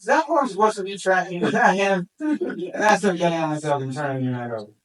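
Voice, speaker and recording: A man who handles a search dog tells the story at a community meeting, excitedly acting out what he said. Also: sits high, fairly quick. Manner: excited, acts out his own quoted remarks. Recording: distant from the mic.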